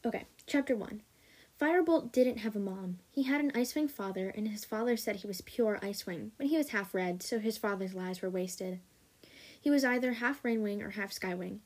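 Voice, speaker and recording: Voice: medium pitch, normal speed, a little mellow. Casual podcast host reading a story. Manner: casual, with small restarts and self-corrections. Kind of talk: reading own fan fiction aloud.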